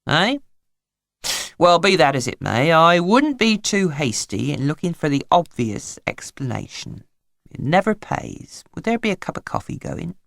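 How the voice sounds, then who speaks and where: A dry, long-winded old grandfather from a storybook, as a woman narrator puts him on. He speaks in a measured, slightly pompous way, close to the narrator's own pitch. The studio is dry. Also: very animated, vocal fry, dry recording, full character voice. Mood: reminiscing.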